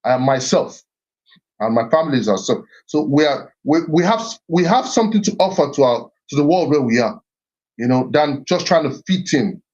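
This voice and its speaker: A man's voice: a little high, lively intonation, normal speed, darkish tone. A middle-aged man giving an earnest, reflective talk on heritage and identity, often repeating himself and restarting phrases. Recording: slightly muffled recording.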